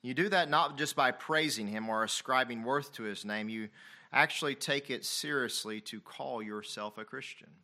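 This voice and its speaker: A man preaching a sermon, swinging between loud emphatic passages and quiet, confessional ones, reading scripture aloud. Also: medium pitch, moderate pace. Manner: reads King James scripture aloud.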